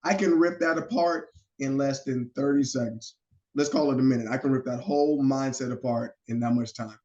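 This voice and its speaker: A man guesting on a podcast, telling stories in a lively, animated way and acting out the quotes. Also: mid-range voice, fairly quick. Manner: animated storyteller who acts out quotes. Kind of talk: casual storytelling chat. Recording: roomy, slightly dull sound.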